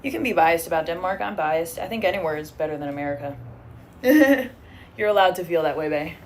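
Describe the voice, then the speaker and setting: A woman's voice: lowish voice, expressive, brisk, slight background noise. A young woman in casual livestream chat at home, swearing freely and reading out viewer comments while braiding her hair. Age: young adult. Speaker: streamer. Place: living room at home.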